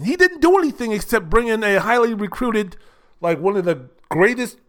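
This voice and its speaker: An older man hosting a solo sports talk show, talking in a blunt, rambling, profane way with many fillers. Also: very high voice. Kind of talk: casual solo sports commentary.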